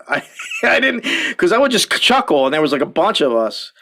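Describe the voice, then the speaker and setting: Male podcast host, slightly high voice, profane rambling storyteller. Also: sing-song, normal speed, fairly bright tone. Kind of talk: casual podcast chat.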